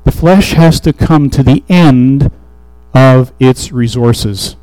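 A man delivering a sermon in a mellow, relaxed voice, reading scripture aloud and then unpacking it in an easygoing, conversational way. The sound is dry and close, with no room around it. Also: medium pitch, takes it slowly, no echo, poor audio. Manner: conversational Bible teaching with restarts and fillers. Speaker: preacher.

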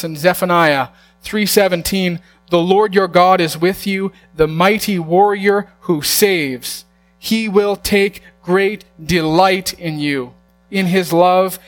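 A man preaching a sermon to his congregation, earnest and slowing down to stress key lines. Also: high voice, a bit bright. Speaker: pastor.

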